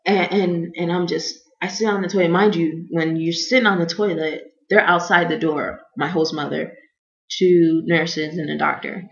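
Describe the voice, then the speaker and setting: Young american woman telling a funny story, lots of little voices, kinda low voice, muffled echoey room audio. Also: normal speed, creaky. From United States. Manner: animated, acts out other people's lines in voices. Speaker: vlogger. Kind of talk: comedic personal storytelling. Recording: echoey room, dull lo-fi sound.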